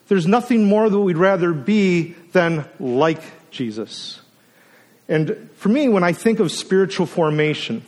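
A man preaching a sermon as a guest speaker, earnest and emotional, at times choked up, his voice rising to emphatic peaks and sinking to a near hush. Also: medium pitch. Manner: earnest, emotional, swells up then drops to a hush.

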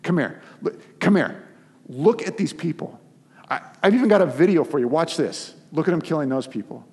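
A man's voice: a little high, animated, normal speed, darkish tone, pitched above the performer's own voice. A man voicing a whiny, pouting adult male prophet who pleads and insists in a childish way. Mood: whiny insistent. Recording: long hall reverb.

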